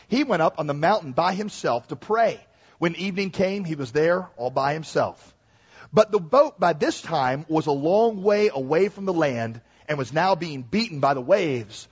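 A man preaching a lively sermon to a congregation, reading scripture aloud and acting out the speakers in it. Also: fairly high pitch, normal speed, slightly rough, lo-fi sound. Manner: animated preaching, acts out Bible voices. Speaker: pastor.

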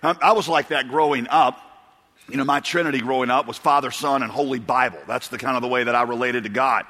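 A pastor with a medium-pitched, bright, forceful voice preaches quickly and with fairly even intonation. He rambles through funny stories, chuckling and starting over at times, while the church auditorium adds a long reverb.

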